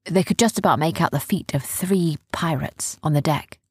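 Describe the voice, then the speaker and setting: A woman narrating a children's adventure story softly, hushing at tense moments. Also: low voice, moderate pace, breathy edge, no echo, studio quality.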